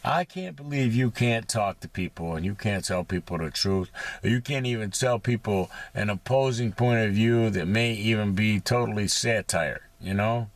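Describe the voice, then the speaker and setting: A man's voice: on the low side, no room sound. A man rambling in a casual monologue from inside his parked vehicle, profane and sarcastic, with many fillers. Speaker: vlogger.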